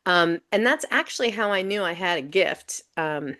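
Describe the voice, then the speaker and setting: A woman guest in a podcast interview, telling stories in a casual, animated way with many "um"s and "you know"s. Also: fairly low pitch, normal speed. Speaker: guest coach.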